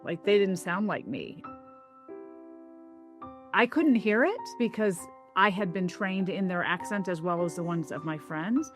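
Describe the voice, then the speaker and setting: A woman from the American South who is a linguist, telling stories and explaining ideas in a thoughtful, lightly animated interview. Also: fairly low pitch, measured pace, soft background music. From American South (Tennessee). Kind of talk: reflective interview storytelling.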